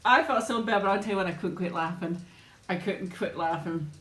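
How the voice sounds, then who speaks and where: A woman's voice: medium pitch, a little fast, a bit bright. Chatty laughing woman streamer, roomy sound. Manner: chatty storyteller, laughs often while talking. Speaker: live-stream host chatting with viewers. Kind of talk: casual live chat while eating.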